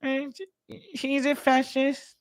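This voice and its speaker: A man putting on a shrill, slow, squeaky voice to mock a politician. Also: monotone, exaggerated voice, rough recording. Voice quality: thin, squeaky, drawn-out.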